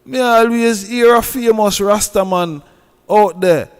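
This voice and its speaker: A man's voice: sits high, unhurried, clear, resonant tone, big-room sound. A man with a Jamaican accent who scolds and preaches in a heated commentary rant, repeating himself. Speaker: online commentator.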